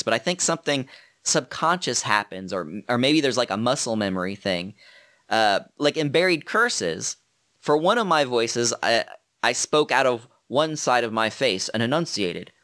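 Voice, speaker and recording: A man's voice: mid-range voice, very animated, normal speed, fairly bright tone. A man who narrates audiobooks, talking through voice-acting tips in an earnest, modest, thinking-aloud way. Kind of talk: casual how-to talk.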